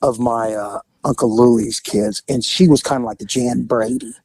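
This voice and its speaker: A man's voice: moderate pace, gravelly, dry recording, low-quality recording. A man co-hosting a podcast, telling a family story in casual chat and acting out the people in it. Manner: animated storyteller, acts out quotes in high voices. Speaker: podcast co-host.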